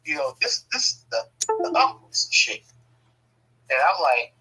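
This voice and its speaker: A man telling a family story casually, profane and animated, often laughing. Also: fairly high pitch, a little slow, creaky, slightly rough, low-quality recording.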